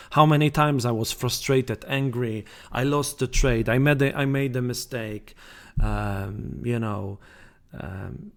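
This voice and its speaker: Slow-talking man giving trading advice. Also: mid-range voice, fairly bright tone. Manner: conversational, frequent fillers and restarts, repeats points. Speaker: football trading channel host. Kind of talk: casual talk to camera.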